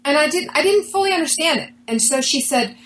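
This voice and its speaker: A woman's voice: high-pitched, brisk, low-quality recording. A woman being interviewed, earnestly telling a personal story and acting out the dialogue as she goes. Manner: earnest, animated retelling with quoted dialogue. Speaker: interview guest.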